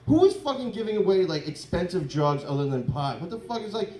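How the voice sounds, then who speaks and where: A man works through a crude, rambling stand-up set on a comedy club stage, and his voice sits a little high for a man. He keeps breaking into loud mock voices. The handheld mic picks up an echoey room around him. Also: big pitch swings, fairly quick.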